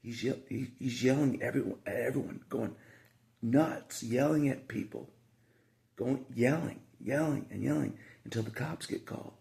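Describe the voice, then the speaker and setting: A man's voice: mid-range voice, moderate pace, vocal fry, mellow. A man talking casually to the camera in a rambling monologue, repeating himself with frequent asides.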